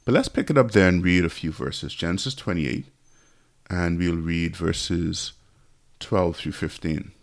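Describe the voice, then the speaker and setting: Low gravelly guy going through a bible story, chatty, lots of asides. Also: measured pace. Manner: conversational, thinking aloud with asides; reads scripture aloud. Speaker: Bible teacher. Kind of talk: informal Bible teaching.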